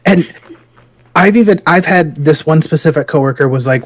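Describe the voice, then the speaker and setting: A man's voice: a little high, moderate pace, no echo, poor audio. A man co-hosting a podcast, chatting casually, telling stories with profanity and frequent laughter. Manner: profane, storytelling, laughs often. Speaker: podcast co-host. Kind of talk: casual chat.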